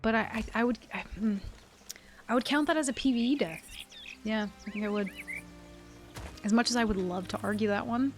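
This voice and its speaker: Profane, excitable woman streamer. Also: on the high side, a little fast, pauses often, faint music behind. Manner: profane, excitable, talks to chat. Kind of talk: live game stream chat.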